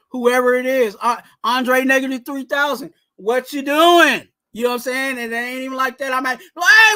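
A high-voiced man hosts a casual live sports stream and rants straight at the coach. His tone is bright and forceful, animated, and he keeps coming back to his catchphrase. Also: clean tone. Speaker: host of a fan sports talk show.

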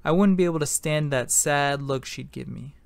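A man's voice: a little high, normal speed, vocal fry, no room sound. A man reading a novel aloud in first person, narrating an amateur audiobook in a plain, matter-of-fact way.

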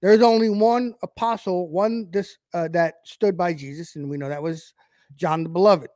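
A man's voice: high voice, normal speed, a little mellow, no room sound, clean studio sound. A man teaching from the Bible as a preacher on a livestream, talking casually with many fillers and restarts. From United States.

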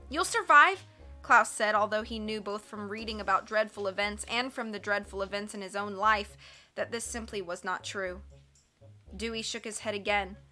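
Bright-voiced woman reading a story. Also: mid-range voice. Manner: expressive, measured storytelling. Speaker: audiobook reader. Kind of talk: scripted narration.

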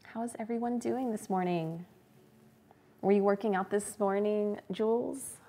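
Woman yoga teacher on a livestream, gentle cues, chats with viewers in between. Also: medium pitch, measured pace. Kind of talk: live-streamed beginner yoga class.

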